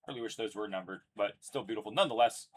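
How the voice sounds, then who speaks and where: A man's voice: fairly low pitch, very fast, slightly rough. A young man casually announcing each card pulled as he hosts a live card break, chatty and upbeat. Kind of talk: live card-opening commentary.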